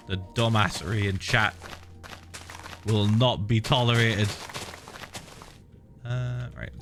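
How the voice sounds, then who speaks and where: British man chatting slowly over music. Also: on the low side, steady tone. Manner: hums and scats while playing, swears freely. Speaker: streamer. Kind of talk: casual gaming stream chat. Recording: background music under voice. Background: game music.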